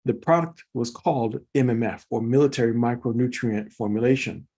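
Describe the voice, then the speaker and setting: A man's voice: medium pitch, fairly quick, mellow. A man hosting an informal online presentation, talking viewers through slides with enthusiasm, repeating words for emphasis and calling them folks. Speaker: host presenting product commentary.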